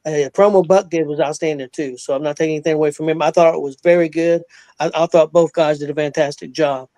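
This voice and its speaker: A male host of a casual talk show, speaking plainly and haltingly with frequent pauses as he welcomes a guest. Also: fairly high pitch, fairly even intonation, warm tone, dry recording.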